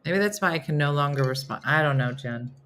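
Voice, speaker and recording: A woman's voice: low-pitched, lively intonation, a little fast, a bit bright, slight background noise. A middle-aged woman hosting a casual live morning chat, laughing often and talking playfully to her viewers. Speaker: host of a live morning show.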